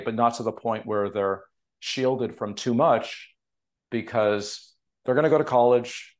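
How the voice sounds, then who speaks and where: Speaking at a medium pitch, a Canadian man who is both an author and a TV producer shares emotional stories in an animated way during a laid-back podcast interview over a remote call.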